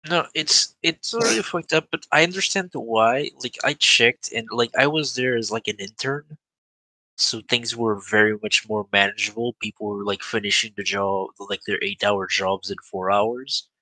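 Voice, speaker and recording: A man's voice: lowish voice, moderate pace, bright, forceful tone, dry recording, poor audio. A young man chatting casually as a tabletop game player, rambling with restarts and swearing. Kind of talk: casual chat between players.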